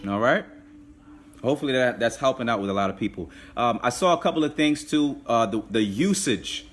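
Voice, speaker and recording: A man teaching a live online language class, patiently repeating and drilling words slowly. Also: medium pitch, animated, a little hiss or hum.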